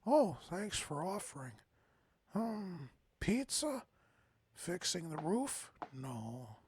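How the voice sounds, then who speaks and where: A man's voice: high-pitched, sing-song, slow, darkish tone, husky, no room sound, pitched above the performer's own voice, full character voice. A man voicing a shy, anxious female pony author who stammers and uses fancy words, reading game dialogue aloud. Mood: eager.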